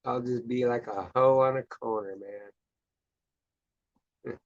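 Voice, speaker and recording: A man's voice: medium pitch, fairly even intonation, slow pace, no echo. A man hosting a show in casual chat, chatty and crude, swearing freely. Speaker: host. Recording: dull lo-fi dry recording.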